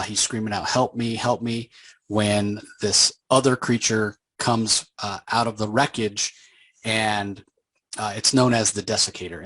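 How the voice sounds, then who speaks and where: Man, low voice, casual comic book recap, rambling with fillers, dry close sound. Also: fairly bright tone, slightly rough, no echo, poor audio. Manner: rambling, with frequent filler pauses.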